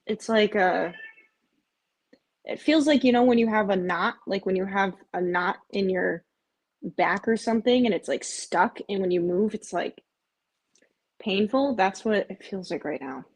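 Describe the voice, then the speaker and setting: A woman with a slightly husky, mid-pitched voice hosting a casual live stream. She chats loosely and rambles. Now and then she cuts in to coo at her pets. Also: measured pace. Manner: chatty, rambling, often breaks off to coax her cats in a high cooing voice.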